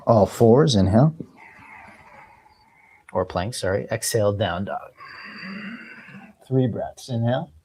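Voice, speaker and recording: A man's voice: fairly low pitch, slow pace, pauses often, breathy edge. Guy teaching yoga, calls the breaths, chill, bit of a tickle in his throat. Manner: cueing breath and movement, relaxed with small apologies. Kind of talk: guided yoga class instruction.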